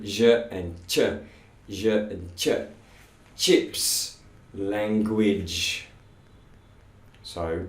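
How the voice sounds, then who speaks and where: A man teaching English pronunciation in a classroom, slowly drilling sounds and words with lots of repetition. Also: on the low side. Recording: echoey room, voice from far off.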